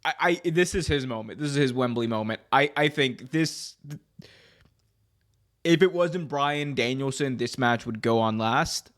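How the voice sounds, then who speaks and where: A man co-hosting a casual wrestling preview podcast, animated and jokey. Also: medium pitch, measured pace. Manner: animated, jokey, puts on mock accents. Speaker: podcast co-host.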